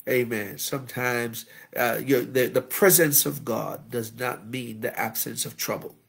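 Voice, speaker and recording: Man, bishop, sermon, gravelly voice, animated, humorous, frequent amens. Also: medium pitch, a little slow. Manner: animated preaching with frequent amens and praise interjections; humorous, anecdotal. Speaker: bishop preaching a Bible study.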